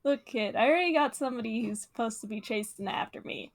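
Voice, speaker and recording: A woman's voice: on the high side, quick pace, natural voice. A woman voicing a cool, cocky young masked male thief who talks in a smug, teasing way.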